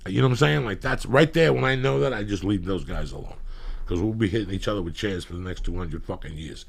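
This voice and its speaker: Gravelly low-voiced man telling wild stories. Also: animated, fast talker. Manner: loud bursts of emphasis, rambling anecdotes. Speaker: podcast host. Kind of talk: profane comedic storytelling.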